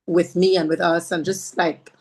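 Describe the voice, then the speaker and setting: A woman with a fairly low voice recounts her experiences as a podcast guest. She is animated and self-mocking, and her pace shifts as she tells the story. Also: moderate pace, slightly rough. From Trinidad. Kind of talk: storytelling conversation.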